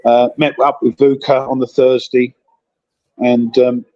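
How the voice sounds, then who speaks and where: A man's voice: mid-range voice, little pitch movement, unhurried, muffled recording. A man in casual chat, telling rambling stories while calling in from a convention hotel. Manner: rambling, chatty storytelling.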